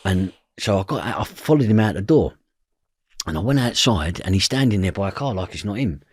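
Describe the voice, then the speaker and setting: A man's voice: fairly low pitch, lively intonation, a little fast, breathy edge, no echo, clean studio sound. A man with a London Cockney accent, telling a story as an interview guest, acting out the voices in his quotes and swearing freely. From East London, England.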